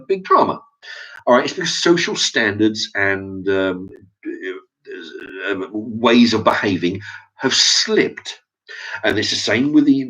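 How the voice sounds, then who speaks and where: A man's voice: lowish voice, a bit bright. A middle-aged man with an English accent rants to camera in an opinion vlog, stumbling over restarts and swearing often. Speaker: vlogger. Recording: dull lo-fi recording.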